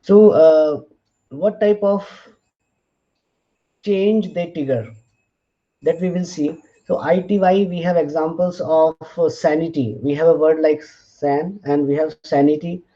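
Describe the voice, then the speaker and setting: A man gives a slow, methodical lecture, spelling out letters one by one and pausing on each example. His voice sits fairly high for a man but has a mellow, darker tone. The audio is slightly dull and lo-fi. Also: fairly even intonation. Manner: slow, deliberate, spells out letters, frequent "fine" and "uh". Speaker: linguistics lecturer.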